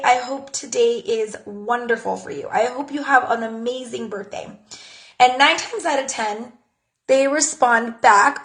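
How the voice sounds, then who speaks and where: In an echoey room, a woman in her thirties talks casually to camera, sharing social media tips for her jewelry business. She's chatty and acts out little conversations in a high, bright voice.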